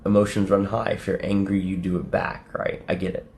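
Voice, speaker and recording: Gravelly profane streamer man. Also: flat delivery, brisk, a little mellow, echoey room, a little hiss or hum. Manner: profane, rambling, laughs often; acts out quotes in a high mocking voice. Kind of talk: casual livestream talk to chat.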